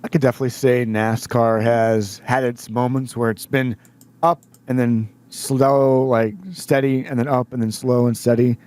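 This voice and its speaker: A man's voice: mid-range voice, flat delivery, moderate pace, darkish tone. A man in casual podcast chat, speaking hesitantly with many fillers.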